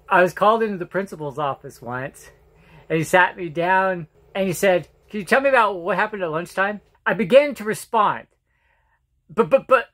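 A middle-aged man with a light, fairly high voice for a man, telling self-mocking stories in a loose vlog ramble. He stumbles over words, doubles back, and chuckles at his own jokes. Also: pushed and bright. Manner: halting, with restarts and repeated words. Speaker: vlogger. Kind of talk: casual storytelling monologue.

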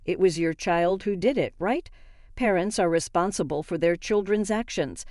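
A woman's voice: on the low side, moderate pace, no room sound, studio quality, natural voice. Woman reading as a stern, commanding boss. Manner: sharp, commanding. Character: stern, imposing grown man, a boss.

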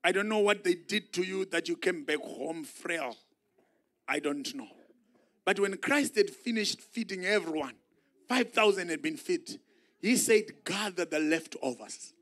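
Husky, high-voiced preacher. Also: male voice, expressive, measured pace. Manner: swings from soft musing to shouted climaxes. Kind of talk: sermon. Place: church sanctuary.

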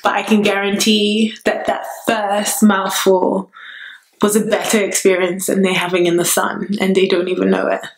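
A woman from Nigeria vlogging casually at home, chatty and excitable, a little out of breath. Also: mid-range voice, normal speed, vocal fry, slight background noise. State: a bit out of breath. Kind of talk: casual vlog to camera. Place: her apartment. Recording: roomy echo with faint music.

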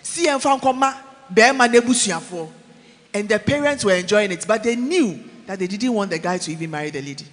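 A man preaching a sermon in a church, animated, mixing English with Twi, swinging from shouts to low asides. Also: normal speed, big-room sound.

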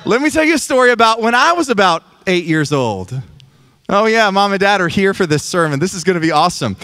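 High-voiced joking pastor. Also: male voice, animated, a little fast, bright, forceful tone. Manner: chatty, joking with the congregation. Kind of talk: sermon. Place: church sanctuary.

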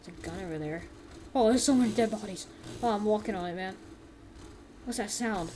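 A woman giving casual let's-play commentary. She rambles with many fillers and often breaks into sudden excited yelps. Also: medium pitch, a little fast, a little hiss or hum. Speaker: gameplay commentator.

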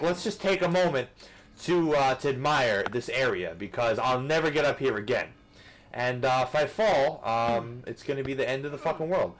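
A man giving profane, frustrated commentary over a game, ranting and cursing, swinging between yelling and muttering. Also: mid-range voice. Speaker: gaming youtuber.

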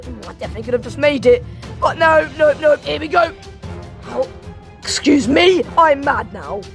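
High, gravelly-voiced woman gaming host. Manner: excitable, shouty, mock-formal asides. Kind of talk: let's play game commentary.

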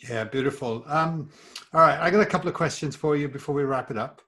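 A man with an Australian accent hosting a podcast, asking halting questions and affirming his guest. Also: fairly high pitch, sharp tone. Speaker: podcast host. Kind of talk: casual interview chat.

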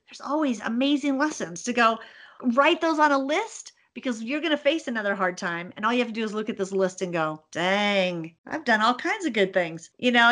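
Middle-aged woman, podcast guest, animated storyteller, laughs easily. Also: on the high side. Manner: animated storyteller, laughs often, acts out her own thoughts. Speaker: podcast guest, business owner. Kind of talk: casual interview.

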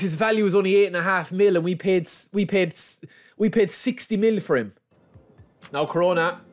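Excitable young man, lively pitch. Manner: excitable, chatty, keeps calling viewers lads. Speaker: gaming YouTuber. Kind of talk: casual gameplay commentary.

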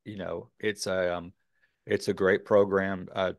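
A man's voice: low-pitched, little pitch movement, unhurried, gravelly, no echo, clean studio sound. A man from Texas, a podcast guest, talking earnestly in a rambling way with many fillers. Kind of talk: casual interview talk.

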